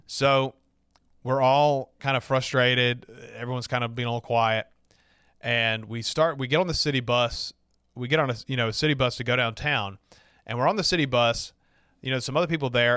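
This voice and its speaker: A man's voice: mid-range voice, fairly quick, a bit bright, no room sound. Southern man telling a story, dry sound. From Alabama, US. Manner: chatty, with frequent fillers and restarts. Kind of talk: casual storytelling.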